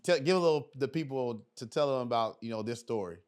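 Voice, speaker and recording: A man's voice: mid-range voice, animated, quick pace, darkish tone, smooth. Casual man asking loose questions. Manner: loose, stumbling questions with slang. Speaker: podcast host. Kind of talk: casual interview chat.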